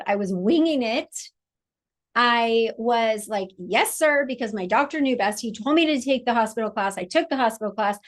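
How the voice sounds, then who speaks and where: A middle-aged woman, a childbirth educator, teaching a live online class in a chatty, encouraging way over a video call. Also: on the high side.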